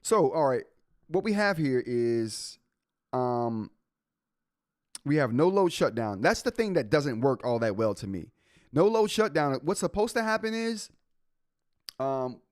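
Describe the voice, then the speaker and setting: A man hosting a live tech stream in a casual, chatty way. He reads through software notes and answers the chat, his pitch rising and falling a lot. The sound is dry and close, with no room echo. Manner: reads update notes aloud and reacts to chat. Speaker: tech show host.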